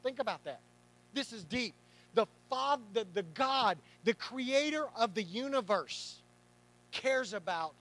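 Bright, high-voiced preaching man. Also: expressive, unhurried, low-quality recording. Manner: emphatic preaching with repeated rhetorical questions; playful asides to the congregation. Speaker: pastor. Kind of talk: sermon. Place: church service before a congregation.

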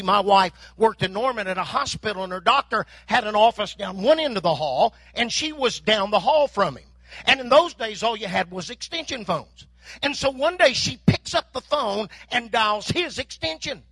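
A man's voice: extremely high pitch, bright, forceful tone, no echo. An older man preaching a sermon, telling folksy stories and acting out bits of dialogue. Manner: folksy storytelling with mock dialogue. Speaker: pastor.

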